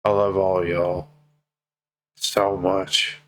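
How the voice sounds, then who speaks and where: Emotional young man, low voice. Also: little pitch movement, extremely slow. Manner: emotional, heartfelt, casual and profane. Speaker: vlogger. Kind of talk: personal vlog update.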